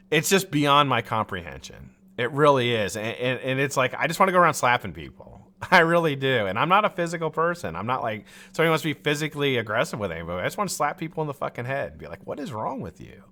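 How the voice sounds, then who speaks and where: A man's voice: mid-range voice, sharp tone. A man hosting a live stream, ranting in frustration, swearing freely and restarting his sentences. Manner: frustrated, profane, rambling with restarts; laughs at his own jokes. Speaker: livestream host. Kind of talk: heated live-stream rant.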